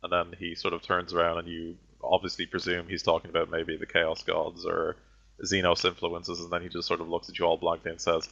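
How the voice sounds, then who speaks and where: Male game master narrating, very low and bright-edged, halting delivery, muffled lo-fi recording. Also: completely flat delivery, vocal fry. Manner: hesitant, many fillers. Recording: dull lo-fi audio.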